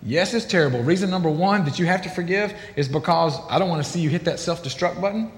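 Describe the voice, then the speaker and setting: A middle-aged man, a pastor, preaching a sermon in an animated, emphatic way, acting out quotes in different voices. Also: high-pitched, fast. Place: large church hall. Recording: echoey hall with long reverb.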